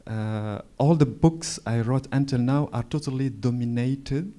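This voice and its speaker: A man in his forties from Morocco with a Moroccan French accent, speaking in a halting, hesitant way and reading his own prose at a library event. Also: medium pitch, warm tone. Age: 40s. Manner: hesitant, halting, frequent fillers. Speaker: author. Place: public library event hall.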